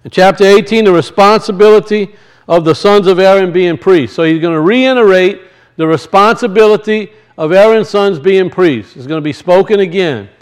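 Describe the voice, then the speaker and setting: A man's voice: high voice, normal speed, clean tone. A man teaching the weekly Torah portion as a sermon, earnest and repeating key phrases for his listeners. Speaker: Bible teacher.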